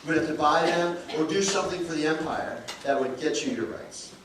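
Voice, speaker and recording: A man preaching from the pulpit, his fairly high voice carrying through a very echoey church hall. He stands back from the mic, and a clear hum of room ambience sits under him. He tells stories and acts out the lines of the people in them. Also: a little fast, fairly bright tone, recorded from a distance. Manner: storytelling, acts out quoted dialogue. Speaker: pastor. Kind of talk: sermon. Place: church sanctuary.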